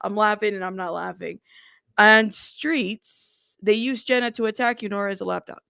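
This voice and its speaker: A woman's voice: medium pitch, fairly even intonation, moderate pace, creaky, sharp tone, smooth, no echo, studio quality. A woman hosting a casual news livestream, chatty and blunt, who laughs often, greets her chat by name and has a slightly sick throat.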